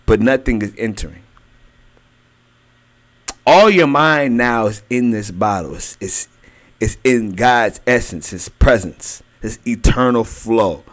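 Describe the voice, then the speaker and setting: A young adult man preaching a sermon, emphatic and repetitive, drawing key phrases out slowly. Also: mid-range voice, animated.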